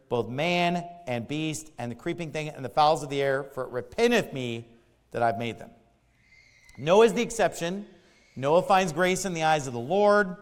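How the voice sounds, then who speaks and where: Male preacher, 40s, high voice, emphatic and chatty, long hall reverb. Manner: emphatic, swings between loud and low, conversational asides. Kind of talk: sermon.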